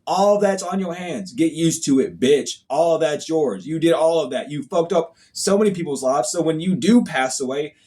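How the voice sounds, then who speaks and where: Man with a fairly high voice, a spiritual reader who scolds his viewers bluntly and swears freely. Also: a little mellow. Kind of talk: casual monologue to viewers.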